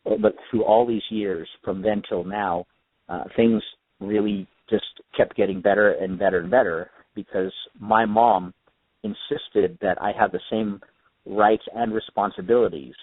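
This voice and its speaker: A man's voice: fairly low pitch, fairly even intonation, normal speed, dry recording. A man from California telling his life story earnestly as a radio guest. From California, United States. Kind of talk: personal life story in an interview. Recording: tinny phone line, dry.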